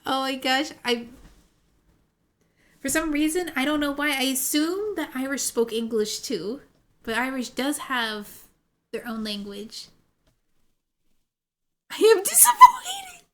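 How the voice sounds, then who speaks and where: A woman's voice: high voice, a little slow, fairly bright tone. A woman streaming a game, chatting and giggling with her viewers. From United States. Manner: chatty and giggly, talking to chat. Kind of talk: casual game stream chat.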